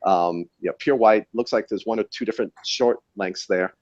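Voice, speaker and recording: A man's voice: fairly low pitch, normal speed, a little mellow, highs cut off. A man who tests batteries, talking in a casual podcast chat in a wry, rambling, self-correcting way. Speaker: battery tester and guest.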